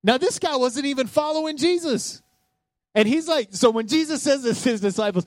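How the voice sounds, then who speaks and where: A man's voice: very high voice, expressive, brisk, no room sound. A man preaching a sermon, talking casually with the congregation and acting out scripture scenes. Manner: conversational, joking, asks the congregation; acts out scripture scenes in voices. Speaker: pastor.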